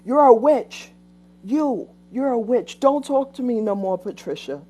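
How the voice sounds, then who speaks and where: A woman voicing an angry female coworker who shouts accusations at her. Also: a little slow, breathy edge. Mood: furious. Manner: shrill, accusing outburst.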